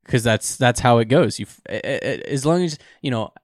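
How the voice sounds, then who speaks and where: A man's voice: medium pitch, brisk, no room sound, studio quality. A man co-hosting a podcast in casual chat, laughing often and chiming in with agreeable reactions. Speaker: podcast co-host.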